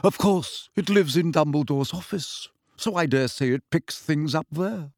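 A man's voice: a little high, unhurried, a little mellow, no echo, clean studio sound. A man putting on a prim, touchy ghost nobleman. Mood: explaining. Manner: prim, reproving, affronted. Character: fussy, touchy old male ghost nobleman.

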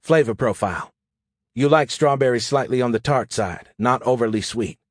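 A man voicing a brisk, practical woman logistics officer in an audiobook, explaining in a matter-of-fact way. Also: mid-range voice, dry recording, clean studio sound, lightly acted. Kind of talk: audiobook character voice.

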